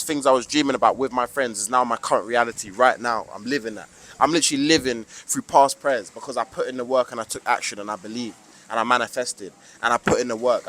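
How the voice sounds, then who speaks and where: A man's voice: mid-range voice, a bit bright. Emphatic young British man with slangy talk. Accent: British English. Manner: emphatic and preachy, heavy slang. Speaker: vlogger. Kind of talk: motivational monologue to camera.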